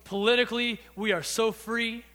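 Guy preaching, high bright voice, goes through song lyrics line by line, echoey church hall. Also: steady tone, normal speed. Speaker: youth pastor. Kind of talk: sermon. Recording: reverberant hall.

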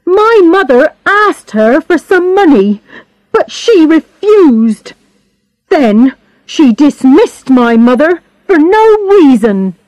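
A woman's voice: high-pitched, sing-song, takes it slowly, few pauses, a little mellow, dry recording, voice pushed up, exaggerated voice, rough recording. A woman voicing an angry, resentful young man with a bad leg in an audiobook reading. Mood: bitter.

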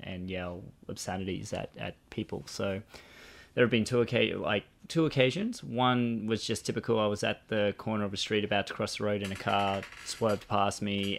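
A young Australian man with a low, gravelly voice tells a personal story in relaxed podcast chat. He restarts and repeats words often as he goes. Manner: conversational storytelling with many restarts. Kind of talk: casual chat. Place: Brisbane.

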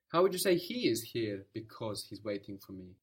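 A man's voice: fairly low pitch, a little mellow, husky. A man teaching a language lesson, patiently prompting, repeating answers and explaining where words come from.

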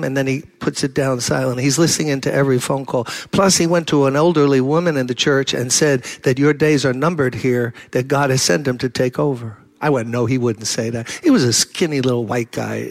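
A man's voice: mid-range voice, steady tone, moderate pace. An older man preaching a sermon, telling a story animatedly, acting out the dialogue and rising to fervent intensity. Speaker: pastor.

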